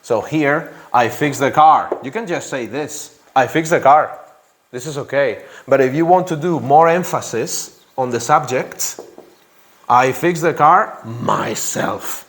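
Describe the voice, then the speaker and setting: A man's voice: mid-range voice, measured pace. A man teaching an English grammar class in a classroom, repeating example sentences and asking students questions.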